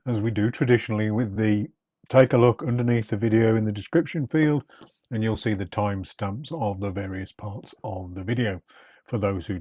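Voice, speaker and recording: A man's voice: fairly low pitch, mellow, husky. A man hosting his cooking channel from a home kitchen, chatty, rambling and self-deprecating. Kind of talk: casual cooking vlog chat.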